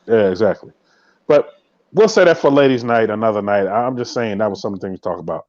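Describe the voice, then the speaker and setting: Man, live podcast host, casual chat, rapid delivery, emphatic, dry close sound, slightly muffled audio. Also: lowish voice, lively intonation, a little mellow, no echo. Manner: emphatic, repeats catchphrases, speaks straight to viewers.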